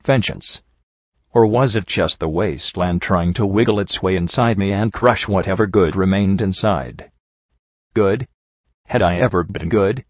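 Low-voiced man reading brooding narration. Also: measured pace, dry recording. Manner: brooding, introspective. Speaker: audiobook reader. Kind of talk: first-person story narration. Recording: dry, dull lo-fi sound.

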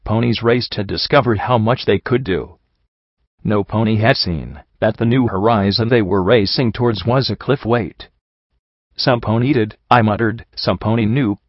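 A man giving measured, somber first-person audiobook narration. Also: lowish voice, no echo, muffled recording.

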